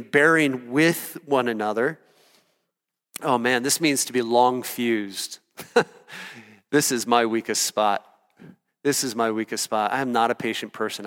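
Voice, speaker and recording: A pastor preaching a sermon, earnest and animated, telling stories and calling out to the congregation. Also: male voice, mid-range voice, clear, resonant tone, big-room sound. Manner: earnest, animated storytelling with audience asides.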